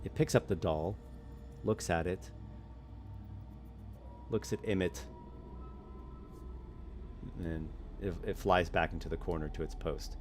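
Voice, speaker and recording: A man running a tabletop game as game master, narrating in a halting way with restarts and soft laughs. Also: sits low, faint music behind.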